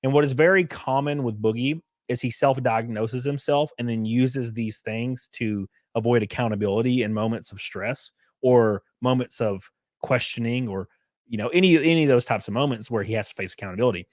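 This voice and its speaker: A man hosting a live stream, commenting casually with swearing and quick laughs. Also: medium pitch, a little mellow, dry recording. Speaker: streamer host.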